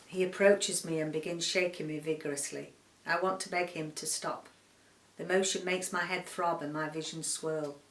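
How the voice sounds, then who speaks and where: A woman book vlogger from the UK reading a short story aloud in a quiet, measured, subdued way. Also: deep voice, far from the mic. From United Kingdom. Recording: roomy echo, voice set back from the mic.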